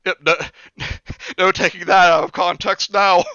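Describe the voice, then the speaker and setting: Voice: medium pitch, steady tone, a little slow, sharp tone, clear, resonant tone, no echo, lo-fi sound. A stream host reading a bad book aloud and mocking it sarcastically, laughing often. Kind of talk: mocking read-along chat.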